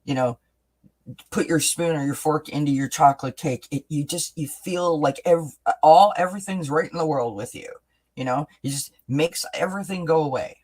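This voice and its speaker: A man hosting a live oracle card reading and answering viewers in chat. He talks in a gentle, reassuring way, often checking in with "right?" and "you know.". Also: medium pitch. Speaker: oracle card reader and host.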